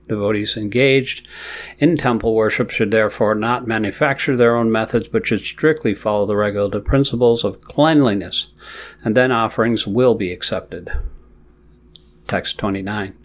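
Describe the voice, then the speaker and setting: A man reading scripture aloud, chanting Sanskrit verses slowly and glossing each word before reading the translation and commentary. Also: lowish voice. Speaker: scripture reader.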